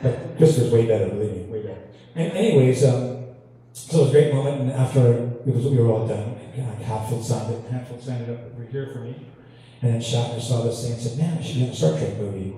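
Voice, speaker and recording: A Canadian guitarist fills the gaps between songs with self-deprecating stories, told in a relaxed, laughing way to a large hall. His dark, mellow mid-range voice moves at a quick pace, heard from a distance through echoey reverb and faint ambience.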